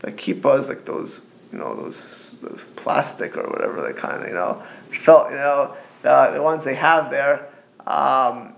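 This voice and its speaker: A man's voice: medium pitch, lively intonation, measured pace, creaky. A middle-aged man giving an informal religious talk as a rabbi, rambling and digressive with frequent restarts and storytelling asides.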